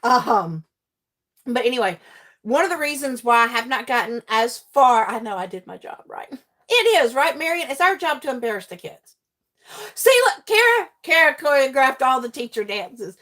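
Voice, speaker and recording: A middle-aged woman chatting casually with her livestream viewers while crafting. She is animated, laughs often and greets viewers by name. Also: high-pitched, normal speed. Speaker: livestream host and teacher.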